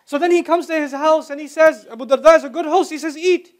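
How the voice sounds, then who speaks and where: A man giving an Islamic lecture to students, telling stories in a conversational way and reciting Arabic phrases quickly. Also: very high-pitched.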